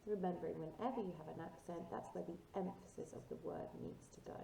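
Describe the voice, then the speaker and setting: A woman's voice: lowish voice, fast talker, gravelly, few pauses, mellow. A woman teacher giving a recorded language lesson, patiently modelling words for students to repeat. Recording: echoey room, distant mic, faint noise.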